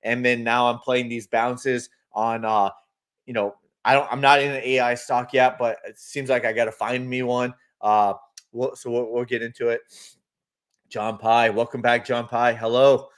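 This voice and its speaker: A man's voice: medium pitch, flat delivery, normal speed, clear, resonant tone. A man hosting a live market stream, chatting casually, greeting viewers by name and talking through charts as he goes. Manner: laughs easily, loose and talkative. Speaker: host of a live trading stream.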